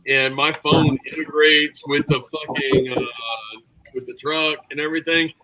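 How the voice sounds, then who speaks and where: A man's voice: a little high, fairly even intonation, a little slow, background noise. A man co-hosting a podcast, telling stories in casual chat and swearing freely. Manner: profane, storytelling. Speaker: podcast co-host.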